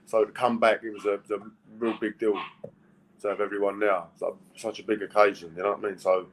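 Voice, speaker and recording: A man, a boxer talking plainly in a casual interview, blunt and halting, with restarts. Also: lowish voice, flat delivery, a little hiss or hum, poor audio. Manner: plain-spoken, few words, halting restarts.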